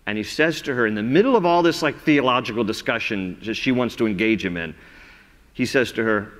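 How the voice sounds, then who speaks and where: A man preaching a sermon as pastor, telling the story in an animated way and acting out the voices. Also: mid-range voice, a little fast. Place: large church sanctuary. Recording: reverberant church sanctuary.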